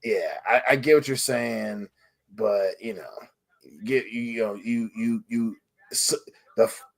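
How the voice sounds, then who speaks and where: A man's voice: on the low side, a little slow, gravelly. A man co-hosting a podcast, upbeat in casual chat, often restarting his sentences. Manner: stumbling, repeated restarts, upbeat. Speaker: podcast co-host.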